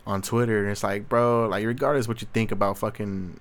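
Young dude ranting solo, kinda deep voice, swears nonstop, rambles all over. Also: male voice, fairly even intonation, brisk, few pauses. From Southern California. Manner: profane, rambling, slangy. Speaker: solo Q&A host. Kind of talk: casual rant monologue.

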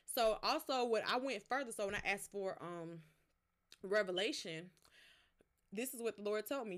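A woman hosting a podcast, giving a relaxed, conversational devotional teaching. She talks straight to her listeners and stops to explain words one at a time. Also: on the low side, brisk. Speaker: podcast host.

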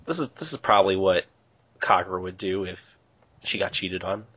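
Young guy cohosting a manga podcast, bright voice, keeps restarting, kinda muffled audio. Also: low voice, moderate pace, breathy edge. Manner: excitable, repeats and restarts. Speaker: podcast co-host. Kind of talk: casual chat recapping a manga.

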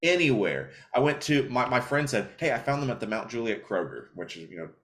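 A young man hosting a podcast, telling stories in a profane, animated way, a little tipsy and slurring. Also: mid-range voice, fairly quick. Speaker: podcast host. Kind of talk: casual podcast chat.

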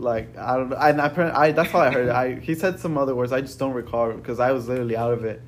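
A young man casually telling a rambling, profane story to friends, peppered with "bro" and "right?"; he says he is a little high. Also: fairly even intonation, fast, hardly any pauses, a little hiss or hum.

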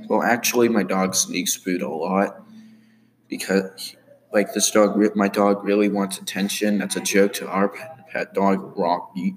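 A man with a fairly low voice talks through his own home-made animated series. He rambles and circles back with lots of fillers. Faint room ambience sits behind him. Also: normal speed, slight background noise. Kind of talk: casual commentary.

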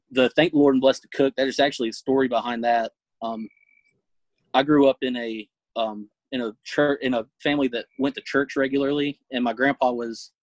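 An earnest young man answers interview questions in a casual, halting way, pausing often with fillers as he thinks. His voice sits at an ordinary pitch for a man. The sound is dry and close, with no room around it. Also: dry recording, rough recording. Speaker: guest, food reviewer.

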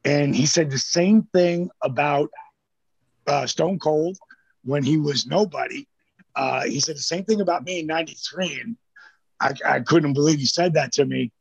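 A man's voice: on the high side, moderate pace, creaky, husky, no echo. An older man telling rambling, profane anecdotes in casual chat, acting out the lines of the people in his stories. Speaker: storyteller guest.

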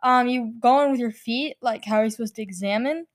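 A woman's voice: fairly high pitch, fairly quick. A woman playing a rambling, silly charity founder in an improvised comedy sketch, dragging out her words.

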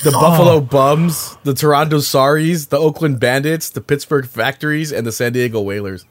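A man's voice: a little high, moderate pace. A man co-hosting a casual movie podcast, laid-back, chuckling as he reads a list aloud.

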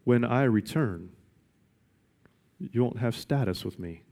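A man's voice: medium pitch, expressive, takes it slowly, creaky, mellow. Pastor guy preaching, hammers the same question over and over, big echoey church hall. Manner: emphatic, repeats questions for weight. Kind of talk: sermon. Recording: long reverb of a large hall.

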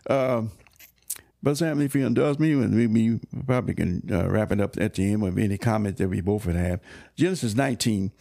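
Man, low voice, gravelly fry, dry close sound, earnest exhorting church talk, many restarts. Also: brisk, warm tone, dry recording. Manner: earnest and exhorting, with many restarts and sudden emphatic high bursts. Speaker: church minister co-hosting a faith discussion. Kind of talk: earnest conversational preaching.

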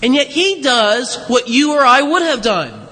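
Very high-pitched and sing-song, a pastor speaks a little slowly in a pushed, bright voice. His conversational sermon, heavy with rhetorical questions and asides to the congregation, echoes with the long reverb of a large church sanctuary.

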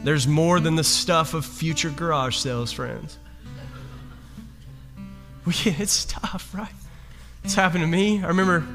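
A man preaching as a pastor, telling a personal story in an animated, self-deprecating way. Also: fairly high pitch. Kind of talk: storytelling sermon. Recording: long hall reverb with faint guitar.

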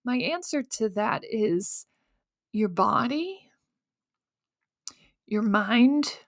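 Slow-talking woman hosting a podcast. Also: on the high side, animated, no echo, studio quality. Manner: candid, self-mocking storytelling with casual fillers. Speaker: podcast host. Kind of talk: solo podcast monologue.

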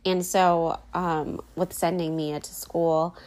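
A woman in her thirties takes it slowly in a low, darkish voice with little pitch movement. Hosting a casual personal podcast, she speaks candidly and emotionally in a chatty style, leaning on "like" and "um" fillers.

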